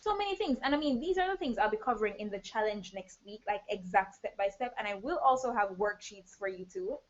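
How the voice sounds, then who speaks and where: A woman business coach giving an energetic live online training, talking straight to her viewers. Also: medium pitch, brisk, lo-fi sound. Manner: energetic, addresses viewers directly.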